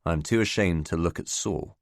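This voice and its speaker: A man narrating a novel in the first person, in a measured storytelling manner. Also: sits low, no echo, studio quality. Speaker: audiobook narrator.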